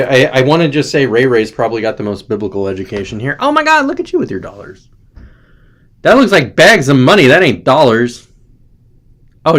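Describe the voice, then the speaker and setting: A man's voice: mid-range voice, a bit bright. Rambling, jokey male host. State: tired. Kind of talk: casual chat.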